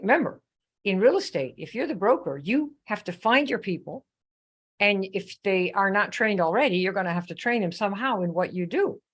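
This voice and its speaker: A woman hosting a live coaching session, telling a story in a chatty, animated way and turning to viewers with questions. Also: medium pitch, husky. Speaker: host. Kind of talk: live online coaching talk.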